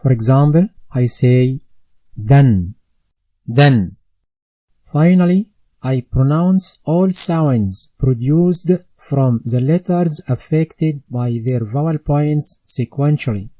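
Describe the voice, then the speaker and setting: Slow, methodical male recitation teacher. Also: a little high, no echo. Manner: methodical, spells out letters and vowel marks one by one. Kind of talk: slow step-by-step instruction.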